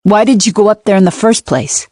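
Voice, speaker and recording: A man's voice: high voice, a little fast, a little mellow, no echo, voice pushed up. Audiobook cop: woman narrator doing a drawling New York detective, middle-aged, pressing, dry studio sound. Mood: probing. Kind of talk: audiobook character reading.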